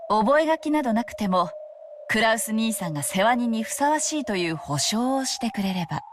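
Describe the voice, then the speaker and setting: A woman's voice: fairly high pitch, animated, rapid-fire, background noise, close to an everyday voice. A woman voicing a sickly-sweet scheming aunt. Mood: sweetly cutting. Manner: sickeningly sweet, cutting. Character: scheming middle-aged woman, sharp-tongued elder sister. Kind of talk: voiced visual novel dialogue.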